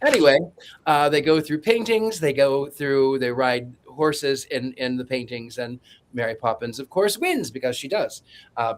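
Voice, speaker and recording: A man on a podcast panel giving a joking, rambling film synopsis in a sarcastic, playful way. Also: fairly high pitch. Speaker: podcast co-host.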